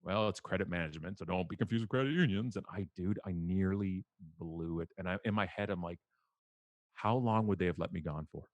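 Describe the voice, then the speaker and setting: A middle-aged man, a keynote speaker, telling stories on a podcast in an animated, self-mocking way with casual swearing. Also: sits low, brisk, no echo, highs cut off.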